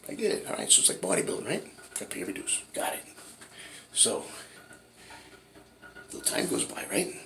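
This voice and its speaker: A man's voice: low-pitched, gravelly, bright, forceful tone, a little hiss or hum. A man in his forties from Washington State, telling his acting story in a rambling, profane way and asking "right?" again and again. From Washington State, USA. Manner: rambling, swears a lot, keeps asking "right?".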